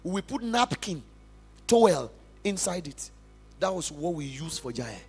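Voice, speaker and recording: A young adult pastor from Nigeria with a Nigerian accent, giving an emphatic, passionate sermon testimony in church. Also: male voice, a little high, very animated, measured pace, soft background music. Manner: emphatic, passionate preaching with big swings in loudness.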